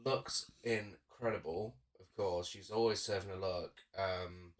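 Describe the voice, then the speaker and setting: A man's voice: deep voice, fairly even intonation, unhurried. Guy co-hosting a movie podcast, gushing about actors, mic a little far away. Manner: enthusiastic, lists cast credits. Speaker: podcast co-host. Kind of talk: casual film review chat.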